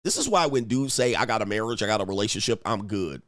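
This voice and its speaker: A man's voice: on the low side, expressive, quick pace, fairly bright tone, dry recording, clean studio sound. A man giving casual relationship-coach commentary on online comments, blunt and profane, mimicking the men he quotes.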